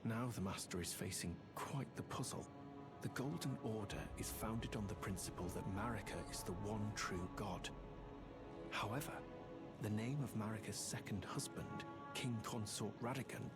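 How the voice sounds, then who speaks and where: A man's voice: lowish voice, moderate pace, lightly acted. An actor playing a devoted young male cleric who frets over his silent master, speaking in earnest, formal game dialogue. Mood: reverent. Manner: earnest, fretful, formal speech. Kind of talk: video game character dialogue. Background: loud game music.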